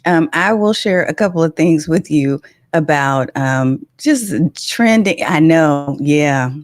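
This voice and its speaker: A middle-aged woman hosts a casual livestream in a low voice. She tells animated stories, laughs often and greets viewers in the chat. The sound is close and dry. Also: takes it slowly, no echo. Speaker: livestream host.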